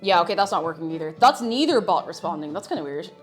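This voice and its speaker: A woman streaming live, chatting casually in a scattered, playful way that breaks into sing-song and shouting. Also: lowish voice, expressive, fast, soft background music.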